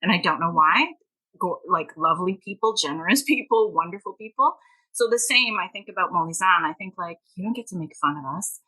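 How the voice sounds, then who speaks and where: A woman's voice: fairly low pitch, lively intonation, fairly quick, bright, forceful tone, low-quality recording. A middle-aged woman from Canada, a guest author on a podcast, telling stories animatedly, laughing often and acting out the people she quotes. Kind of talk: podcast interview.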